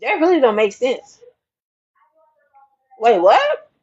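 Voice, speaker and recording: High-voiced woman ranting to camera. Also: huge pitch swings, takes it slowly, slightly rough, dull audio. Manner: repetitive, emphatic, talks straight to the viewer. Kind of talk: casual rant to camera.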